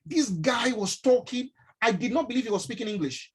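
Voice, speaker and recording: A middle-aged Nigerian man with a Nigerian accent, a doctor telling a personal story to an online audience in an emphatic, animated way. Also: very high-pitched, a little fast, breathy edge, low-quality recording. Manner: emphatic, animated, addresses listeners directly. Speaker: doctor and mentorship speaker. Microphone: online stream from home.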